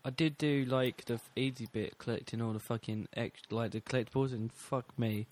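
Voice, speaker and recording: A man's voice: medium pitch, fairly even intonation, brisk, background noise. A young man in a casual podcast chat, blunt and teasing, swearing constantly. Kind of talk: casual podcast chat about video games.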